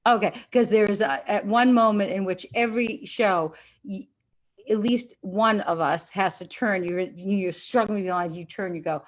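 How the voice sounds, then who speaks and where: Sixties woman guest, candid and lively, telling stories on a video call. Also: medium pitch. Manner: candid, animated storytelling with quick asides. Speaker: guest actress. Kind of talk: casual interview chat.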